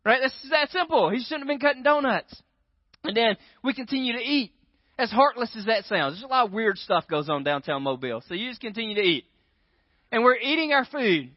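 A man's voice: very high-pitched, brisk, no echo. A man preaching a sermon, telling a story with animation and checking in with the crowd. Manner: animated storyteller, keeps asking the crowd "right?". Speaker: pastor. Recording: dry, dull lo-fi sound.

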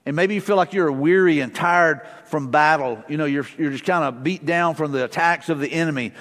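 A man's voice: on the high side, a little fast, fairly bright tone. A middle-aged male pastor preaching a sermon in a church, casual and conversational, mixing family stories with repeated short prayers. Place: church sanctuary. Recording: long church-hall reverb.

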